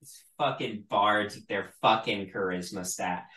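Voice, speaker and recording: A man's voice: lowish voice, big pitch swings, takes it slowly, sharp tone, reverberant, distant mic, low-quality recording. A man running a tabletop game as game master, narrating unhurriedly with many fillers.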